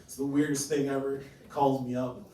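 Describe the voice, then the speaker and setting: A man's voice: medium pitch, little pitch movement, normal speed, dark tone, very echoey, far from the mic, rough recording. A man performing a stand-up set, telling self-mocking family stories. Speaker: stand-up comedian.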